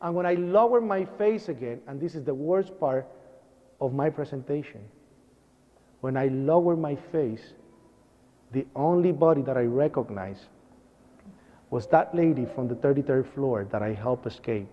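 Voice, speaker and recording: A man's voice: mid-range voice, normal speed, pauses often. A man recounting a traumatic eyewitness story to a lecture audience, vividly acting out sounds and cries. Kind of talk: dramatic first-person storytelling to an audience. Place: lecture hall. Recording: dull lo-fi recording with long hall reverb.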